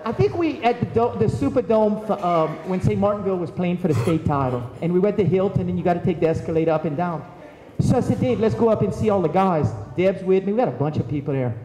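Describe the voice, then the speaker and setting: A man's voice: high voice, expressive, quick pace, warm tone. A man giving a eulogy in a large church, telling stories and acting out the voices of the people in them. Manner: storytelling, acting out quoted voices. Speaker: eulogy speaker. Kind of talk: eulogy with anecdotes. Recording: echoey hall from far off.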